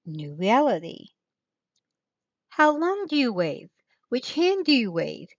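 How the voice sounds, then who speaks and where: This channel host talks casually in a slow, sing-song way, her voice a little high as she thinks aloud, loses her thread, and picks it back up. Nothing of the room comes through, and the audio is dull.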